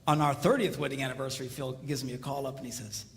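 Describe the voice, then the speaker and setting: A man in his fifties, a pastor, telling comic marriage stories to an audience and shouting his punchlines. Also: mid-range voice, fast. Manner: animated storyteller, shouts punchlines. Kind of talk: comedic marriage seminar talk. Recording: echoey hall with faint background.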